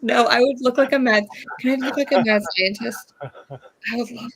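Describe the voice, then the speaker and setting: Gravelly-voiced playful woman. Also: a little high, fairly even intonation, moderate pace. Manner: playful, eager. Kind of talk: casual chat.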